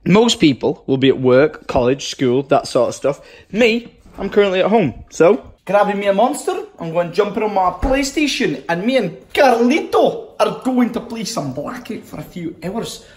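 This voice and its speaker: A husky-voiced man talks straight to camera in a loose, rambling vlog. He sounds worn out and pokes fun at himself as he goes. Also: high voice, animated, normal speed. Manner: rambling, self-mocking, tired. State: tired. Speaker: vlogger. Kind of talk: casual vlog chat.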